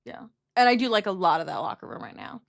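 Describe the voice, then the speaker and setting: A woman's voice: medium pitch, lively intonation, fast, gravelly, dry recording, clean studio sound. A young woman co-hosting a casual podcast, chatty and laughing, swearing freely as she tells stories. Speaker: podcast co-host. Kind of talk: casual chat.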